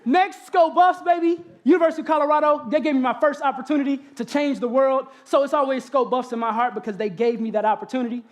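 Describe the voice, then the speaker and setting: A young man from Texas with a Southern accent, giving an animated spoken-word poem and talk as a college guest speaker, speaking directly to the audience. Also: very high voice, fast, few pauses. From Galveston, Texas. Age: young adult. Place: college convocation auditorium.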